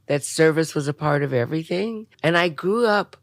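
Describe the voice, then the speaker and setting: An older woman from Louisiana with a Southern accent, a guest recalling her life in a relaxed, storytelling way. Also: low-pitched, normal speed, no echo, studio quality. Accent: Southern American. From Louisiana, USA. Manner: storytelling, warm endearments like "baby". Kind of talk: reflective conversation.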